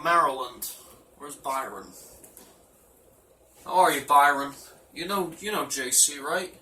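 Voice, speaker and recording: A man rambles through a profane, mock-gruff locker-room roll call. His voice is bright and fairly high, heard from a distance in an echoey room. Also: slight background noise. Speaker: team manager giving a speech.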